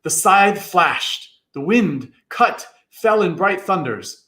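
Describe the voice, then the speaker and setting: Slow and expressive, with a sharp edge to his tone, a man gives a theatrical rendition of a classic novel. He shifts into character voices through dramatic pitch leaps, and the recording carries a noticeable echo.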